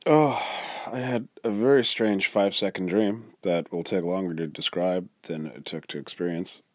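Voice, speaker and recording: A man's voice: deep voice, moderate pace, no echo, clean studio sound. A man groggily recounting a strange dream in a casual, rambling monologue.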